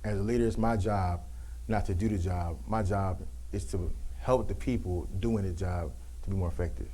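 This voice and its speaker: A man presenting a leadership workshop, talking in a casual, colloquial and animated way while acting out role-plays. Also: low voice, normal speed, poor audio.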